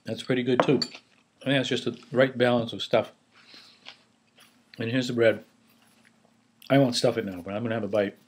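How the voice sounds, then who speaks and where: A man's voice: mid-range voice, fairly even intonation, normal speed, long pauses, a little hiss or hum. Man, home cook vlogger, casual and rambling, recorded on a camera mic at his table. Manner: chatty, rambling, restarts, talks while chewing. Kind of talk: casual food show-and-tell.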